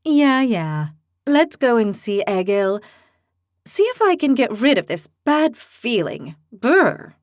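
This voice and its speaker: Woman putting on fiery horned young woman, high-pitched, animated, sarcastic, audiobook. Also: slow pace, no echo, clean studio sound. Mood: exasperated. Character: hot-tempered young red-skinned horned woman.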